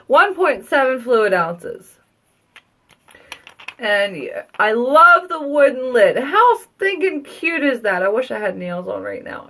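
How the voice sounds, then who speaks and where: Slow-talking chatty woman reviewing beauty products. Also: high voice, a bit bright. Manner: chatty, rambling, gushing. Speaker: beauty vlogger and mother. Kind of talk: casual live product review. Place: at home, children heard downstairs.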